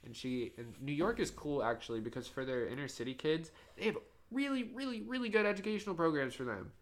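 A man's voice: on the high side, expressive, fast talker. A young man co-hosting a casual podcast chat, telling rambling, profane stories and laughing often. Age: young adult. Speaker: podcast co-host.

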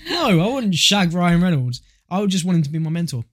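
A man's voice: sits high, big pitch swings, fairly quick, no room sound, studio quality. A young man co-hosting a podcast in casual chat, joking, swearing freely and telling stories with relish. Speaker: podcast co-host.

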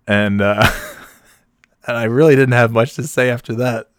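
A man's voice: mid-range voice, fairly even intonation, measured pace, long pauses, clean tone, no echo, clean studio sound. A man telling a casual personal anecdote, swearing freely, laughing often and restarting his sentences as he rambles. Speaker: storyteller.

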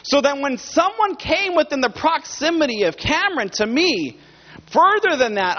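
A man with a strikingly high voice preaches in an earnest, conversational way to his church. The recording sounds somewhat dull. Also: big pitch swings, normal speed. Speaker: pastor. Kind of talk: sermon.

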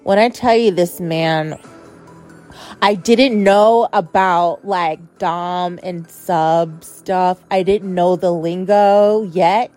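A woman's voice: on the low side, steady tone, slow, darkish tone, faint music behind. A young woman in her twenties telling a frank personal story to her listeners in a chatty, candid way. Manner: chatty, candid, filler-heavy. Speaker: podcast host. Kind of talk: casual storytelling to an audience.

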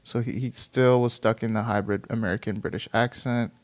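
A man's voice: lowish voice, steady tone, brisk. A man reading an article aloud and chatting casually about it, rambling and swearing as he reacts. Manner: rambling, profane, reads aloud then reacts.

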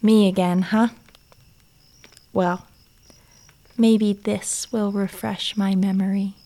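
A woman's voice: medium pitch, little pitch movement, slow pace. A woman playing a tender, adoring girlfriend. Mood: teasing. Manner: soft, tender, gently teasing. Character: adoring, affectionate young girlfriend. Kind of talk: audio drama acting.

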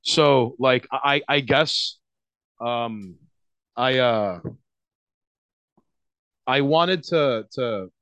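Picture a man with a New York accent, holding forth as a guest on a casual podcast. His voice sits in an ordinary middle pitch. He rambles through stacks of fillers and false starts, swearing freely as he goes. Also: drawn-out words, pauses often, a bit bright, smooth, lo-fi sound. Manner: rambling, many fillers and restarts, frequent swearing.

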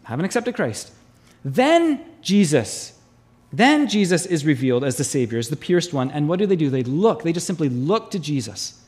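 Lively high-voiced male pastor preaching. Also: moderate pace. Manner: animated preaching, acts out voices in quotes. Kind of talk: sermon.

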